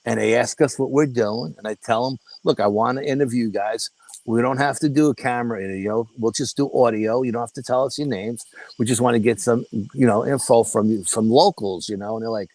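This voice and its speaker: A man's voice: mid-range voice, creaky, dry recording, low-quality recording. An older man, a guest in an interview, telling a story casually with profanity and acting out the dialogue. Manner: animated, profane, acts out quoted dialogue. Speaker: guest paranormal investigator.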